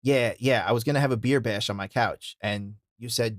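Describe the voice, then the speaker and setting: A young man hosting a wrestling podcast, telling stories in a loud, profane, casual way. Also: lowish voice, brisk, dry recording, studio quality. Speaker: podcast host. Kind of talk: casual chat.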